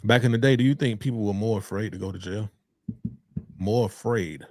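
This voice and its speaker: A man co-hosts a casual talk show in a lowish voice, recorded dry and close. He is laid-back, asking questions and thinking out loud. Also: fairly quick, no echo. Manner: laid-back, asks questions and muses aloud. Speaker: podcast co-host.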